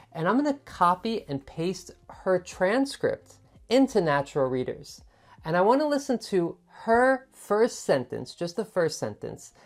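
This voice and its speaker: Low voiced woman tutor walking thru test answers, chatty, repeats words to show intonation. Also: darkish tone. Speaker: TOEFL tutor. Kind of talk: explaining student sample answers.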